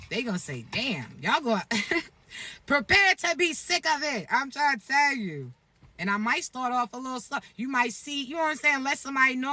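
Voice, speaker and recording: High bright voice, woman doing a cussy playful energy reading vlog, dry close sound. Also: no echo. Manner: animated, profane and playful. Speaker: spiritual content creator.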